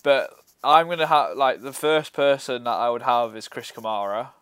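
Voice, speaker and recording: Smooth-voiced young man, dry sound. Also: medium pitch, normal speed, no room sound. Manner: relaxed, chatty, laughs often. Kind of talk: casual chat.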